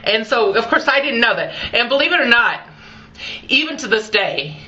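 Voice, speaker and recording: A woman in her forties telling a personal story to the camera in a chatty, animated way, talking straight to her viewers. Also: on the high side, moderate pace, dull audio. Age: 40s. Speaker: vlogger.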